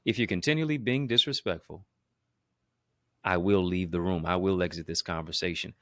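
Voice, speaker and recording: A man with a very low, deep voice delivers a motivational talk straight to his listeners. He speaks emphatically, in a rolling, preacher-like cadence that leans on repetition and wordplay. The sound is dry and close, with no room around it. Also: normal speed, bright, forceful tone, no room sound. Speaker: motivational speaker and show host.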